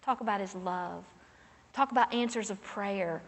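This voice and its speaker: A woman's voice: mid-range voice, normal speed. A woman preaching a fervent, emphatic, folksy sermon as a pastor's wife. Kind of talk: sermon to a women's gathering. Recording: long hall reverb.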